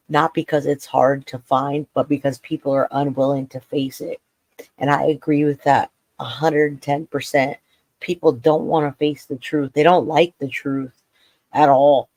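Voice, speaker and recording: A man's voice: mid-range voice, darkish tone, no echo. A man hosting a true crime livestream, reacting emotionally to court footage, holding back tears, with his voice cracking as he talks bluntly.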